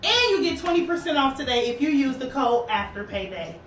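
A woman's voice: high-pitched, a little fast, recorded from a distance, a little hiss or hum. A young woman hosting a live shoe sales stream, chatting to viewers and slightly out of breath. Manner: chatty, animated, talks to viewers. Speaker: shoe store host. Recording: roomy and lo-fi, voice from off-mic.

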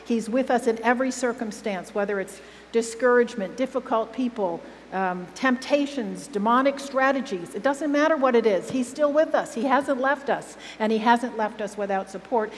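Woman preacher, emphatic sermon delivery, echoing church hall recording. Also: a little high. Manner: earnest, emphatic, asks the congregation questions. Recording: church hall recording with reverb and faint hum.

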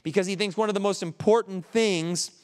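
Grieving male pastor, earnest conversational sermon, slightly high clear voice, church hall reverb. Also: fairly even intonation, a little fast, a little mellow. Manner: earnest, conversational preaching with restarts.

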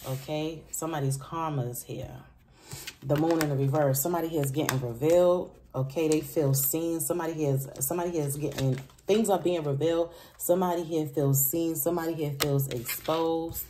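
Low-voiced woman chatting through a tarot reading. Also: steady tone, normal speed, background noise. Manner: chatty and emphatic, repeats phrases, speaks straight to viewers; laughs often between remarks. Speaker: tarot reader. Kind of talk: casual tarot reading to viewers.

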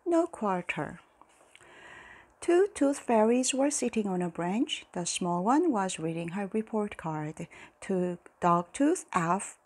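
Slow, breathy bedtime storyteller woman. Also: mid-range voice. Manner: slow, expressive.

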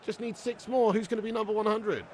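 A man doing live commentary on his game stream, excitable, yelling at plays and chatting with viewers. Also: sits high, quick pace, slight background noise.

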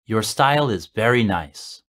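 A man reading short practice sentences slowly and clearly for language learners. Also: on the low side, animated, a bit bright. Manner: clear, measured enunciation. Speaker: native-speaker model voice. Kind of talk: slow repeated phrase reading for learners.

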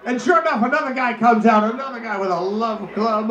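A man telling a crude comic story on stage in a bar, loudly and boisterously, often shouting. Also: extremely high pitch, fairly quick, highs cut off. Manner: loud, boisterous, crude delivery with frequent shouts. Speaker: comedian. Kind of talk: live stand-up storytelling. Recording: echoey bar with crowd noise.

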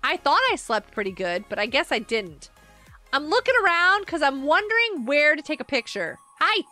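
A woman with a high, bright voice chats excitedly while she plays a game live, her pitch swinging widely as she gasps and laughs. Faint game music plays behind her. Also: moderate pace. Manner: excitable, gasping and laughing often. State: sleepy, yawning. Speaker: gaming livestreamer. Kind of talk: casual live gameplay chat.

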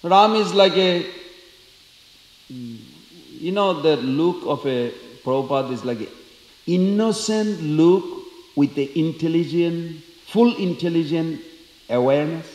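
Man, temple speaker, storytelling lecture, fairly high voice, echoey hall with long reverb. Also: slow. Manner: animated, acts out quoted characters.

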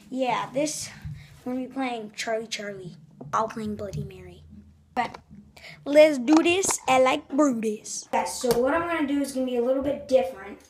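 A woman vlogging casually, jittery and excitable, sometimes dropping to a hushed voice. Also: fairly high pitch. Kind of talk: casual video narration. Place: small bathroom, lights off. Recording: echoey bathroom, faint noise.

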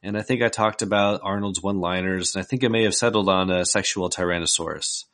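A man's voice: deep voice, fairly even intonation, quick pace, noisy background. A man co-hosting a podcast, chatting casually and laughing often. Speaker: podcast co-host. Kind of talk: casual chat.

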